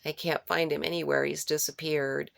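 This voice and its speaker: This woman speaks at a normal speed in a deep, creaky voice with little pitch movement, and there's no echo. Unscripted, she retells a dream in a rambling way, restarting, hunting for words and repeating phrases for emphasis.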